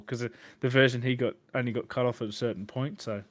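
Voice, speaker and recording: A man's voice: medium pitch, fairly even intonation, fast talker. A man hosting a podcast, chatting loosely about video games with lots of fillers. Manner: rambling, filler-heavy gamer chatter. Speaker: podcast host. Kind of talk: casual chat.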